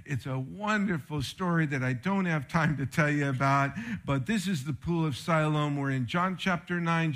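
A man preaching a sermon with slides, telling stories in an animated, conversational way. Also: on the high side. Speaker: pastor.

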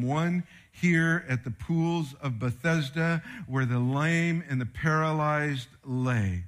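A man preaching a sermon with slides, telling stories in an animated, conversational way. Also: fairly high pitch, slow, few pauses. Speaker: pastor.

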